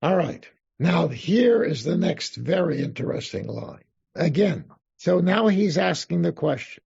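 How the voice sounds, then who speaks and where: Gravelly-voiced rabbi teaching a class. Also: male voice, fairly high pitch, animated, darkish tone. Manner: thinks aloud, restarts, reads Hebrew verses slowly then explains. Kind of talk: interactive text study class. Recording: dull lo-fi class recording.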